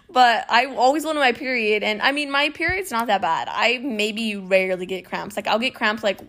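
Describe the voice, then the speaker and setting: A young woman co-hosting a casual podcast chat, giggly and rambling, breaking into laughter often. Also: fairly high pitch. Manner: giggly, rambling, fast and animated.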